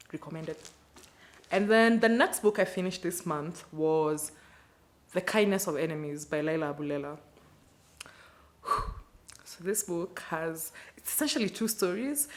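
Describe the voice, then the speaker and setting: A woman with a Kenyan accent, chatting casually about the books she read this month, with playful slangy asides. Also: lowish voice. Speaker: book channel host. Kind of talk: casual book wrap-up video.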